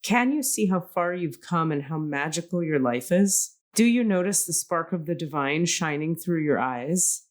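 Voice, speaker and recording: A middle-aged woman co-hosting a spiritual podcast, reading card messages aloud in a calm, soothing cadence. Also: low-pitched, moderate pace, few pauses. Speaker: podcast co-host reading intuitive cards.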